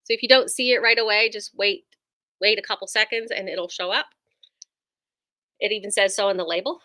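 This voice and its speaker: Woman, quilt shop owner, chatty product demo, bright forceful voice. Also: medium pitch, fairly even intonation, fairly quick. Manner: chatty and enthusiastic, lots of fillers.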